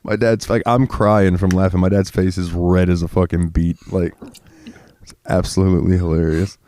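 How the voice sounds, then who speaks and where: Very deep-voiced sick man ranting. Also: level tone, normal speed, dark tone. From Florida. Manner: profane, rambling, gets worked up ranting. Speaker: podcast co-host. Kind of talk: casual chat.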